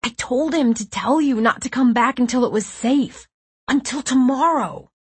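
A woman's voice: a little high, measured pace, slightly rough, pitched above the performer's own voice. A woman voicing a frightened, pleading teenage boy in an audiobook, speaking raised and urgent. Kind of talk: audiobook character voice.

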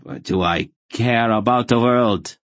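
A man's voice: low voice, unhurried, dry recording. A man voicing Relg, a scornful cave zealot. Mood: contemptuous. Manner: scornful, insistent. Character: zealous male cave-dwelling fanatic, contemptuous. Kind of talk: audiobook character voice.

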